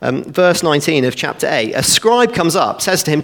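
A man preaching a sermon, walking through a passage verse by verse in an animated, conversational way with joking asides. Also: fairly high pitch, moderate pace, vocal fry. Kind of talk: expository sermon. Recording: long reverb of a church hall.

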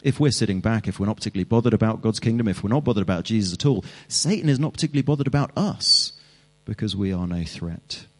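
Earnest low-voiced male preacher. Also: animated, quick pace. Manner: earnest, emphatic, builds with repeated phrases. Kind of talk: sermon.

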